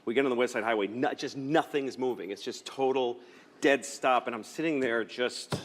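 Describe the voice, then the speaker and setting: A man's voice: medium pitch, normal speed, in a large hall. A middle-aged man telling a rambling, self-deprecating comic story as a talk show guest.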